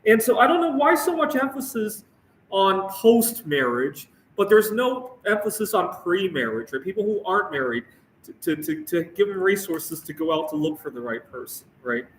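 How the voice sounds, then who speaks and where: A man's voice: high voice, a bit bright, far from the mic, a little hiss or hum. Rambling male host in an echoey room. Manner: halting, repeats words, asks "right?" often. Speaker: show host. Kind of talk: casual rant to camera. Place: Phoenix area, United States.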